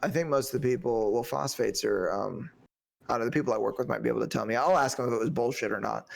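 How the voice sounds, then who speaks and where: Gravelly-voiced man on a film podcast. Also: mid-range voice, fast talker. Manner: loose and profane, slips into mock accents. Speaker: podcast co-host. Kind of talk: casual film review chat.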